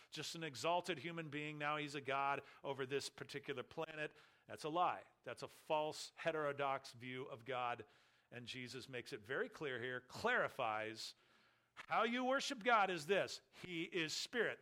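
A man preaching a sermon as pastor, emphatic, slowing down to stress key phrases. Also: fairly high pitch, pushed and bright.

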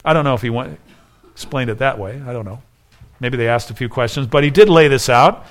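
A man's voice: mid-range voice, a little fast. Earnest conversational male preacher. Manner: earnest, conversational, with frequent restarts. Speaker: pastor. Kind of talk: sermon.

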